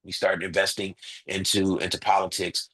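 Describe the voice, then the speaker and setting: A man's voice: low-pitched, monotone, moderate pace, a bit bright, husky, low-quality recording. A man as an interview guest, making his case emphatically with rhetorical questions and repeated points. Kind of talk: impassioned interview talk.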